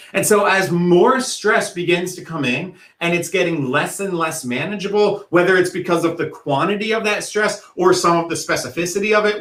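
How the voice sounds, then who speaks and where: Guy presenting a workshop, kinda high voice, echoey room, explains stuff with analogies. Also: fairly bright tone. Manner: explanatory, uses vivid analogies. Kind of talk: educational talk.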